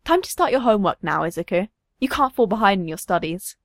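Woman as a worried young mother, bright, cheerful, swooping high, dry close sound. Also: lively intonation, fast talker, no echo. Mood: falsely cheerful.

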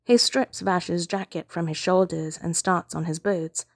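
A woman reading fiction aloud as narrator, with calm, steady storytelling. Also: on the low side, measured pace, no room sound, clean studio sound.

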